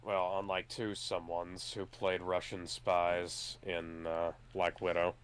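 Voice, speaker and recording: A laid-back man chatting during a game playthrough and riffing along with his friend. His voice is low and smooth, with a clean, resonant tone. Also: level tone, slow. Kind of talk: casual let's-play chat.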